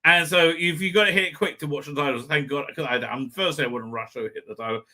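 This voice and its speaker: A man reviewing a TV episode in a rambling, profane monologue, swinging from casual summary to exasperated shouted rants. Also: on the high side, quick pace.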